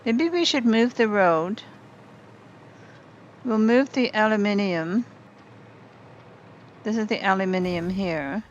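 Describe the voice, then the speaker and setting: A woman's voice: mid-range voice, slow pace, long pauses, muffled recording, a little hiss or hum. Chatty woman streamer thinking aloud. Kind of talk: casual gameplay chat with viewers. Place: home apartment.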